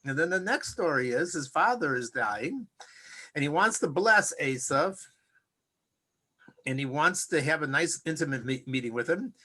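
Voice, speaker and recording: A man's voice: fairly high pitch, animated, normal speed, bright, forceful tone. A man giving an informal Torah class, talking conversationally and acting out the figures he quotes. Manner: conversational, acts out quoted characters; frequent fillers and restarts. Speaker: Torah teacher.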